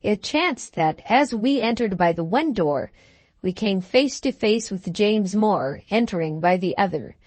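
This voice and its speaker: Woman reading an audiobook real slow and careful, dry close mic. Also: mid-range voice, expressive, a little mellow, dry recording. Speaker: audiobook narrator. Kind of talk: scripted audiobook narration.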